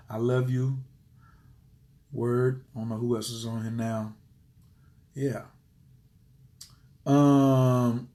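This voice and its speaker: Animated, preachy man livestreaming to viewers. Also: fairly high pitch. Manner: animated, preachy, swears freely, shifts between loud outbursts and quiet murmurs. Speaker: livestream host. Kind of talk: casual live-stream talk to viewers.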